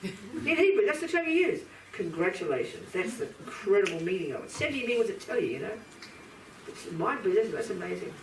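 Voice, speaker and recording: Recorded from a distance in a roomy hall with faint ambience and a noisy background, a woman delivers a live Buddhist lecture. Her medium-pitched voice swings widely in pitch and moves briskly, and she speaks to the audience directly, bluntly and with emphasis.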